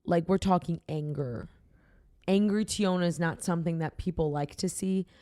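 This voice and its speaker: A woman's voice: lowish voice, moderate pace, warm tone, no room sound, studio quality. A young woman hosting a podcast, chatting and teasing her co-host in a playful, casual way while having a drink. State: tipsy from drinking.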